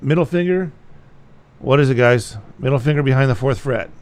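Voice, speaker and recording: A man's voice: mid-range voice, a little fast, a little mellow. A man giving a casual guitar lesson, talking bluntly and repeating himself to drive a point home. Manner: blunt, repetitive, plain-spoken. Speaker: guitar teacher.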